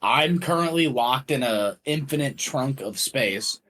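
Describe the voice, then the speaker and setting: A man's voice: medium pitch, lively intonation, a little slow, fairly bright tone, rough recording. A man co-hosting a podcast, making dry, crude quips in casual chat. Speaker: podcast co-host.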